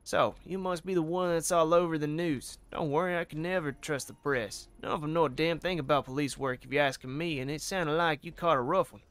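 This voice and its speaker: A man doing a drawling Southern cop, loud and folksy. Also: fairly high pitch, fairly even intonation, fairly quick, hardly any pauses, clear, resonant tone, natural voice. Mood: friendly. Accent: put-on American Southern. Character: friendly drawling male police officer.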